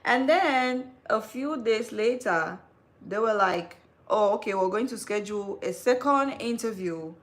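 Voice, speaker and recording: Woman in her 30s, live-stream host, lively storyteller, casual chat. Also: a little high, a little slow. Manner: animated storytelling, calls listener "girl".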